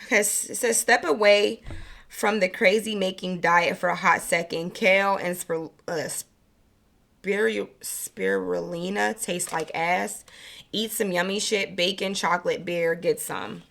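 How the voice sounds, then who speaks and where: Bright-voiced chatty woman tarot reader. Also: lowish voice, fairly even intonation, measured pace, vocal fry. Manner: chatty, slangy, laughs easily. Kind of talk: casual spiritual reading.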